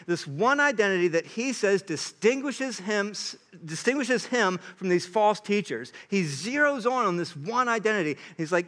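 A young man delivers a sermon in a high, light voice. He talks in an earnest, conversational way and turns animated when he acts out other people's words. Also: normal speed, hardly any pauses. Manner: earnest and animated, acting out quoted lines. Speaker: pastor.

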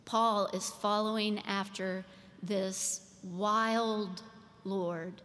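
Slow-preaching woman in an echoing hall. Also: fairly high pitch, a bit bright. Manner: slow, deliberate delivery with emphatic pauses. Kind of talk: sermon. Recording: long reverb of a large hall.

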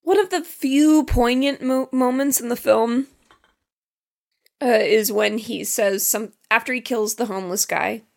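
A woman with a slightly high voice co-hosts a casual film podcast. She talks with enthusiasm, gushing about the movie and dropping quick asides. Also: gravelly. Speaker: podcast co-host.

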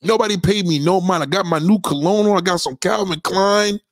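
A man's voice: high-pitched, brisk, no echo, studio quality. A man delivering a profane, comedic rant to camera, telling stories with heavy swearing and street slang. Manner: animated storytelling, acts out quoted voices.

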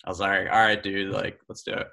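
Young man telling a lively story. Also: deep voice, fast, vocal fry. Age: young adult. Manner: animated, laughs while telling, many fillers of "like". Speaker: guest golfer. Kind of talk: casual storytelling.

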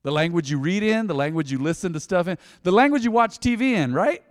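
A man preaching a sermon in a church, conversational and joking, with big swings between quiet asides and loud emphasis. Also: lively intonation, quick pace, no room sound, studio quality, long reverb tail. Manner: conversational, joking, dynamic swings in pitch and loudness. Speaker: pastor.

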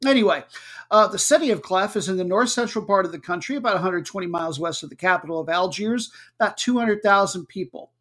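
A man's voice: sits high, quick pace, a bit bright. A man hosting a podcast in a casual, jokey, chatty way, with filler words. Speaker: podcast host. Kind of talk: casual chat.

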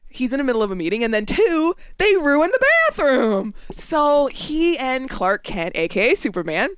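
A woman's voice: high-pitched, sing-song, moderate pace, clear, resonant tone, no room sound, studio quality. A woman co-hosting a comedy podcast, summarizing a story and teasing her co-host's reading. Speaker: podcast co-host. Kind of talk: casual comedic chat.

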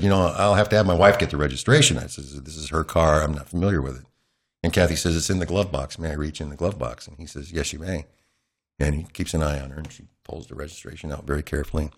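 A man, a longtime news anchor, animatedly telling a chatty anecdote as an interview guest at home. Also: low voice. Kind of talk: candid interview storytelling. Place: his home.

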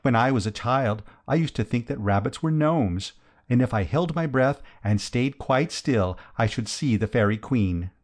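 A man reading an audiobook, voicing a sentimental, dreamy young woman with a breathy, whispery, drawn-out delivery. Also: medium pitch, animated, lightly acted. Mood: gushing. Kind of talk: audiobook character voice.

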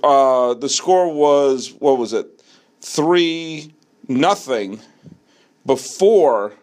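A middle-aged man hosting a solo sports talk show, answering a listener question in an animated, argumentative way and slowing down to hammer his points. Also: mid-range voice. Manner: animated, argumentative, slows down for emphasis. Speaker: podcast host.

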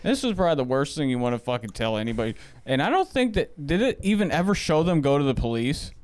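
A man's voice: fairly high pitch, sing-song, fast. A man co-hosting a casual movie podcast, talking bluntly and profanely and arguing his points. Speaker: podcast co-host. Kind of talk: casual movie review chat.

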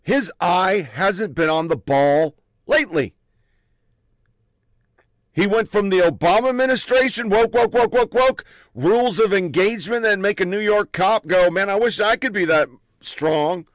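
A man telling army stories in a blunt, profane, animated way. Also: high-pitched, unhurried, no echo. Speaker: army veteran recounting stories. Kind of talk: profane casual storytelling.

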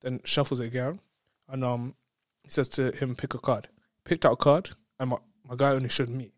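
A man telling a story in casual chat, excitable, laughing often and repeating words. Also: mid-range voice, brisk, no echo, studio quality.

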